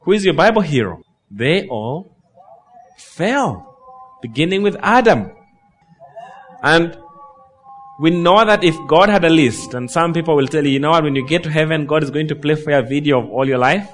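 A man preaching a sermon in a fairly high voice. He rises and falls dramatically and drops to a near hush on solemn lines. He slows right down when he leans on a key word. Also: animated, soft background music. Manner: preaching with dramatic swings in pitch and loudness, slowing on key phrases. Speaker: pastor.

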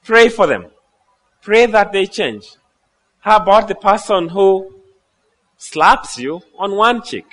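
A man preaching a sermon, animated, telling stories and laughing at his own jokes. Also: sits high, takes it slowly, pauses often. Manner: acts out quoted voices in asides. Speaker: pastor.

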